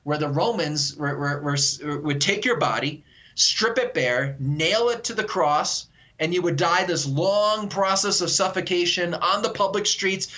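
An earnest man talks on a radio call-in interview, explaining with animated enthusiasm. His voice sits slightly high and sounds bright and forceful, with frequent restarts and repeated words. He comes across as a guest author eager to make his point. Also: a little slow.

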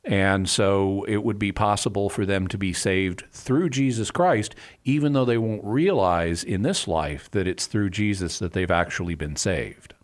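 Male radio expert, lowish voice, patient explainer, call-in show. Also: measured pace, few pauses. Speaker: radio show guest expert answering callers.

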